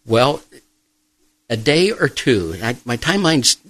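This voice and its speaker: A middle-aged man, a pastor and grief counselor, speaking softly and reflectively in an interview, pausing often. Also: mid-range voice, sing-song, no room sound, poor audio. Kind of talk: personal testimony in an interview.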